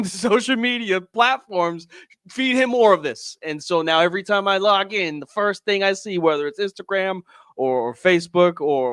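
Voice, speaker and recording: A man co-hosting a casual sports podcast, animated and often exasperated. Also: sits high, clean tone, no echo, clean studio sound. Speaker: podcast co-host.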